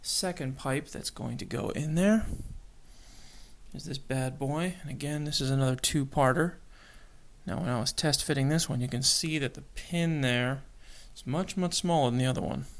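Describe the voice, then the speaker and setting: A man's voice: mid-range voice, normal speed, creaky. A man narrating his model kit build, muttering and whispering to himself as he works, with jokey self-mocking asides. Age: adult with children. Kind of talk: hobby build video narration.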